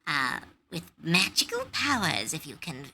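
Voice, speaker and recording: A woman voicing an ancient mad male wizard, speaking slowly and theatrically, as in a tabletop game. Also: low voice, very animated, sharp tone, a little hiss or hum, full character voice. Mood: grandiose. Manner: slow, theatrical, lordly.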